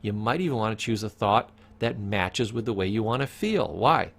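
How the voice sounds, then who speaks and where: A man's voice: lowish voice, animated, normal speed, creaky, fairly bright tone. A man teaching a recorded psychology course, who speaks emphatically, repeats his key points and asks the listener questions.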